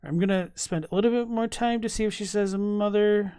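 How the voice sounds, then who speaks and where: A man's voice: sits high, brisk, warm tone, smooth, no echo, studio quality. A man casually chatting on a live stream, thinking aloud with many fillers and restarts while reading chat messages. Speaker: streamer reacting to game lore.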